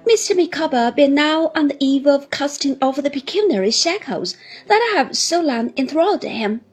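A woman's voice: sits high, animated, normal speed, soft background music, pitched above the performer's own voice. A woman voicing a genteel, earnest middle-aged wife who speaks in a lofty, emphatic, long-winded way.

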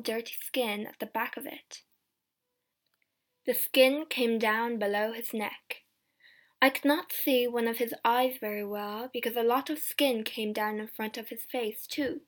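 A woman narrating a graded-reader novel, reading slowly and clearly. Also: fairly high pitch, fairly even intonation. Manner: slow, clear, carefully paced reading. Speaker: audiobook narrator.

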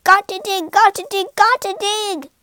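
A squeaky little storybook rat, greedy and jittery, her voice jumping high and all over the place, as a woman puts her on. Recorded close and dry, with no room around it. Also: expressive, a little mellow, no room sound. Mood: anxious. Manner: squeaky, high and fast-panicking. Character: small greedy female rat, nervous and squeaky.

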